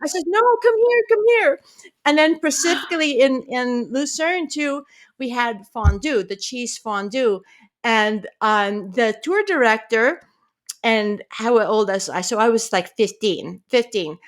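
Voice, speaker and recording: High-voiced middle-aged woman, animated storyteller on a podcast. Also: a little slow. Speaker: guest, pediatrician.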